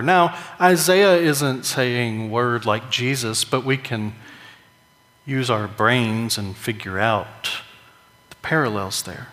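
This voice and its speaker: A man's voice: mid-range voice, takes it slowly, fairly bright tone. A man preaching a sermon in a conversational, joking way, with emphatic rises. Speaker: pastor. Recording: long hall reverb.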